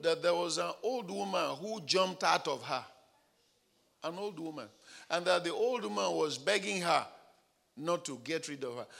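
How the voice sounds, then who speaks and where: A male pastor preaching a dramatic sermon, building up to shouted declarations. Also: fairly high pitch, vocal fry.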